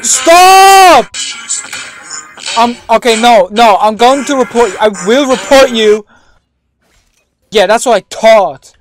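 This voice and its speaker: Lady playing a cranky whiny kid in game voice chat, high squeaky voice, slow and draggy, music behind. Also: natural voice. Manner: whiny, bossy, shrill outbursts. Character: cranky bossy young boy gamer, whiny, easily upset. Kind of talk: voice chat during an online shooter game.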